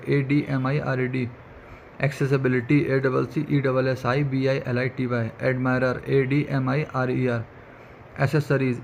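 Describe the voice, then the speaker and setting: A man's voice: medium pitch, gravelly, a little hiss or hum. A man reading vocabulary words aloud and spelling each one out letter by letter. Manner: flat, rapid letter-by-letter dictation. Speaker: vocabulary teacher.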